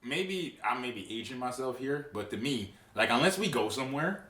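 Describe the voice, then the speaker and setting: A man co-hosting a podcast from a friend's house, bantering loudly with lots of laughing and swearing. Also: medium pitch, expressive, normal speed. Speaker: podcast co-host. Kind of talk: casual chat. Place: living room at a friend's house. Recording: roomy and distant with faint hiss.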